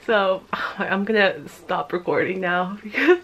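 A woman's voice: mid-range voice, animated, unhurried, fairly bright tone. A woman in her twenties vlogging to camera, gushing and teary, breaking into giggles often. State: teary and emotional. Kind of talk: casual emotional vlog to camera.

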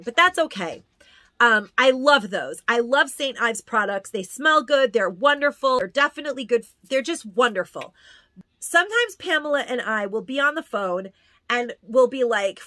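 A woman's voice: a little high, expressive, normal speed, sharp tone, no echo. A woman chatting casually through a product haul, gushing and repeating words for emphasis. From New York. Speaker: haul vlogger.

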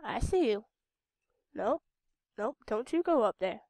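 This game video host, a young woman from Idaho with a Western American accent, sounds tired and a little sick as she loosely comments on her gameplay and talks back to the characters. Her fairly high voice has lively intonation and a slightly mellow quality, and she speaks a bit slowly. The sound is studio quality with no room sound.

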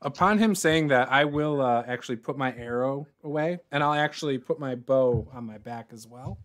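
A man's voice: medium pitch, normal speed, fairly bright tone. A man talking casually as a player in a tabletop game.

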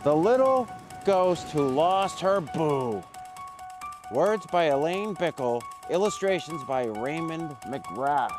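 A man's voice: a little high, very animated, takes it slowly. A man reading a children's book aloud, playful, with chatty asides and sound effects. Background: loud music.

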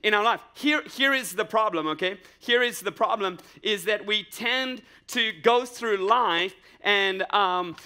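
A man preaching a lively sermon to a live congregation, energetic and jokey, repeating phrases and asking the crowd questions. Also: high-pitched, clean tone. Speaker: pastor. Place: church sanctuary with live congregation.

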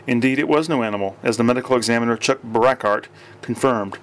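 Man, mid pitch, audiobook narration, steady reading, occasional slips. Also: quick pace, a little hiss or hum.

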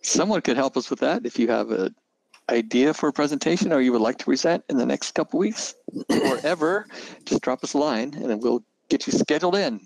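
A man hosting a programming webinar, joking with deadpan banter and running through the house rules. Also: mid-range voice, fairly quick, vocal fry, no echo, poor audio. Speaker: host of a programming webinar show. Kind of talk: casual chat, reading house rules.

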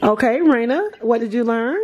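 A woman in her forties chatting casually to her vlog camera and hosting a video call, thinking out loud as she goes. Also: a little high, animated, moderate pace, echoey room, dull audio. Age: 40s. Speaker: vlogger and video call host.

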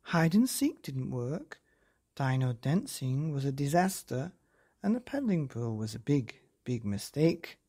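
A man's voice: fairly high pitch, huge pitch swings, a little slow, few pauses, a little mellow, heavily acted. A man reading aloud, voicing an eager, clumsy giant boy dinosaur in a bedtime story. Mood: glum.

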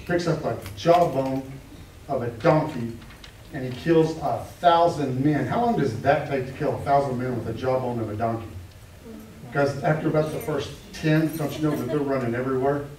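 A man's voice: medium pitch, moderate pace, darkish tone, a little hiss or hum. A man preaching a sermon with emphatic repetition and rhetorical questions. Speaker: pastor. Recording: echoey room, heard from a distance.

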